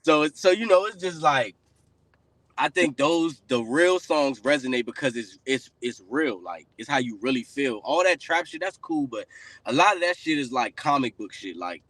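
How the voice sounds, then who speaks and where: A man hosting a casual podcast, rambling with lots of fillers and often trailing off quietly. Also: mid-range voice, lively intonation, moderate pace, no echo. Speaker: podcast host.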